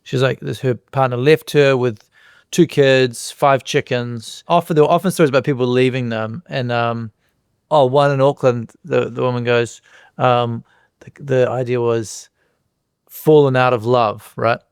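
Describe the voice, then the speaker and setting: A middle-aged man with a New Zealand accent, a guest on a podcast, telling relaxed anecdotes and acting out the voices in them. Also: medium pitch, measured pace, smooth, no echo, clean studio sound. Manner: relaxed anecdotes, acts out voices and hums lines. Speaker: guest musician and comedian. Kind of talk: casual podcast chat, storytelling.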